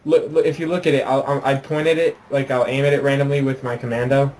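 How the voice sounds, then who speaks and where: A man's voice: mid-range voice, little pitch movement, fast, a little mellow, poor audio. Easygoing American man rambling. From United States. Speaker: gaming co-commentator. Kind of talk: casual gameplay chat.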